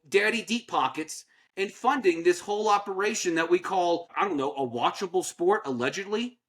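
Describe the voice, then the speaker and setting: Sarcastic high-voiced man ranting. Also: a bit bright. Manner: sarcastic, puts on mocking voices for leagues. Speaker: podcast co-host. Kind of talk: opinionated sports podcast rant.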